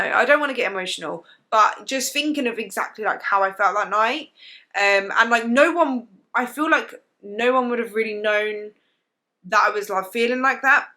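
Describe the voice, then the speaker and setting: A woman's voice: mid-range voice, sharp tone. A young British woman telling a personal story to camera in a casual, emotional way, full of "like" fillers. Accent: British English. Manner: emotional, confiding, lots of "like" fillers. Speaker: vlogger.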